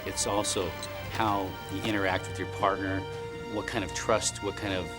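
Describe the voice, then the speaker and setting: A man's voice: sits low, level tone, moderate pace. A man in a documentary interview, reflectively recounting a climbing accident. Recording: interview under loud music.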